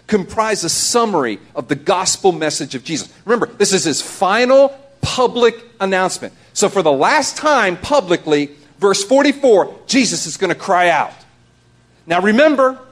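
A male pastor preaching a sermon, animated, acting out quoted voices and dropping between loud and hushed delivery. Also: high-pitched.

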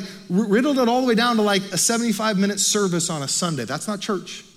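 An American man preaches a sermon in a high, ringing voice. He talks to the congregation in an animated, conversational way and keeps putting rhetorical questions to them. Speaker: pastor.

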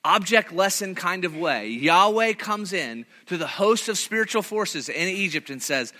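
A man preaching in a bright, high voice. He tells the story with animation, acts out the voices he quotes and often restarts his phrases. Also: expressive, normal speed, hardly any pauses. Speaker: pastor. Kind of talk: sermon.

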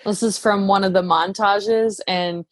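A woman filmmaker as a guest on a podcast, talking in a friendly, giggly, relaxed way. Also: mid-range voice, unhurried, dry recording. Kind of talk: casual interview chat.

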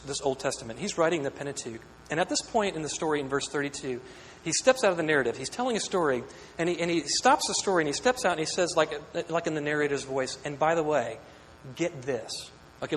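A pastor preaches a sermon in an earnest, questioning way, often repeating words as he builds a point. His voice is on the high side and a bit bright, recorded in an echoey hall with long reverb and a faint hum.

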